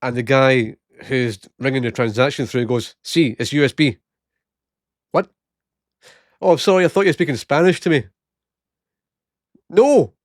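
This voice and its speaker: A man's voice: mid-range voice, moderate pace, pauses often. A Scottish man in his late thirties tells stories from work and shopping in a loose, casual way. He laughs a lot and slips into voices for the people he quotes. The sound is close and dry, with almost no room echo. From Scotland. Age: 30s. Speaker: vlogger. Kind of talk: casual storytelling.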